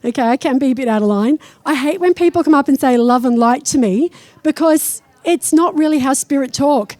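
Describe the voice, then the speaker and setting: Blunt cheeky woman medium talking on stage, high mellow voice, dry sound. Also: a little fast, no echo. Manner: blunt and irreverent, swears freely. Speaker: psychic medium. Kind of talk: stage talk with live readings. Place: stage before a live audience.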